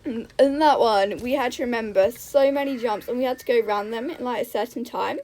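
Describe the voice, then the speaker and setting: A woman's voice: a little high, moderate pace, a little mellow, poor audio. A young woman telling gaming stories in a chatty, giggly way, full of "like" and "um". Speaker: gaming YouTuber. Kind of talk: casual storytelling over gameplay.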